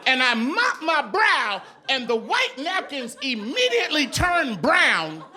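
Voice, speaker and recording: A man doing a stand-up comedy set on stage, telling a story in an animated, profane, exasperated way. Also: very high-pitched, takes it slowly, some chatter behind, slight background noise. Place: on stage before a live audience.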